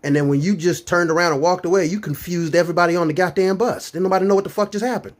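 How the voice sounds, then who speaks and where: Laid-back, amused male friend, as a male comic quotes him, explaining things in a calm, knowing way with a fairly high voice. His tone is matter-of-fact. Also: rapid-fire, close to an everyday voice.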